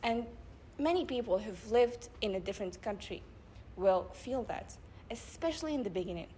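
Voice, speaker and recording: A young woman delivering a public speech at a debate club event, building her points with rhetorical questions and measured emphasis. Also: on the high side, expressive, mellow, a little hiss or hum. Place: live event before an audience.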